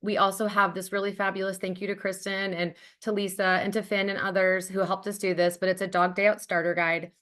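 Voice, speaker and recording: A woman's voice: mid-range voice, little pitch movement, brisk, hardly any pauses, fairly bright tone. A woman giving a conversational webinar presentation about a dog charity program, enthusiastic and heartfelt, with frequent ums and likes.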